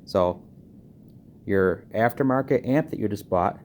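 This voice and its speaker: A man giving a casual how-to walkthrough on car audio wiring, talking quickly and checking in with frequent "okay"s. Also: on the low side, animated, a little mellow, a little hiss or hum. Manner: talks fast, checks in with frequent okays.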